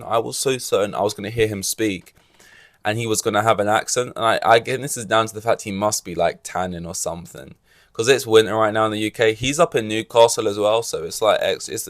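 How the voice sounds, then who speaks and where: A man's voice: fairly low pitch, no room sound. A man hosting his own podcast, talking in a rambling, wry way with many fillers and restarts. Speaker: podcast host. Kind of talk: casual solo podcast monologue.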